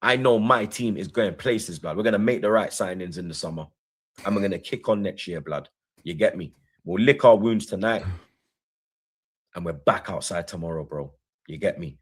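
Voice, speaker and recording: A man co-hosting a reaction channel trash-talks in casual football banter, boasting defiantly about his club. His voice sits low and is slightly rough, at a normal speed.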